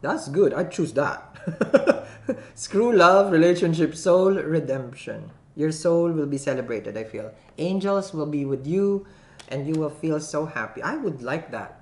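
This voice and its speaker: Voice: mid-range voice, expressive, unhurried, a little mellow. A tarot reader giving a casual, playful reading to camera, joking and laughing often between the cards. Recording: roomy echo.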